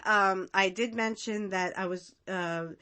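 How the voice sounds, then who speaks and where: A woman's voice: mid-range voice, fairly even intonation, measured pace, bright, forceful tone. A woman in her thirties hosting a casual podcast, chatting with lots of fillers and frequent laughs. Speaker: podcast host. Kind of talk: casual commentary.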